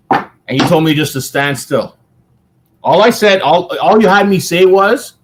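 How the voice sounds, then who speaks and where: A man's voice: fairly high pitch, moderate pace. A man co-hosting a casual radio show from the studio. He reminisces energetically and laughs often. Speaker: radio co-host.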